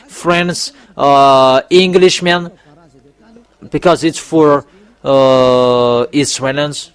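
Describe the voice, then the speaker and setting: A man preaching a sermon, emphatic and often rising to loud exhortations. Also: medium pitch, steady tone, extremely slow, clear, resonant tone, no room sound.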